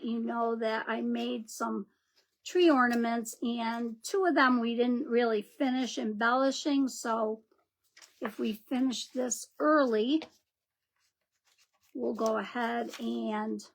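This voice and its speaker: A woman hosting a live crafting demo, chatting and greeting viewers by name as she works. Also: on the high side. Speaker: craft livestream host.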